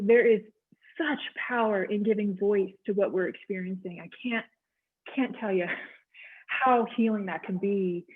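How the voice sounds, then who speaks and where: A woman counselor with a husky, medium-pitched voice gives an encouraging, conversational wellness talk, saying "um" often. The line sounds tinny, like a phone.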